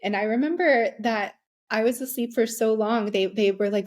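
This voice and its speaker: A woman's voice: medium pitch, steady tone, moderate pace, a little mellow. A young adult woman, a podcast guest, candidly telling a personal story with frequent ums and restarts. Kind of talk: conversational storytelling.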